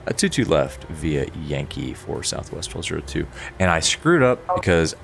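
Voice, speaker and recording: A man with a croaky, sick-sounding voice chatting casually on a flight sim stream, laughing often as he talks through cockpit checks. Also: a bass voice, big pitch swings, moderate pace, soft background music. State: sick, hoarse. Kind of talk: casual live-stream chat.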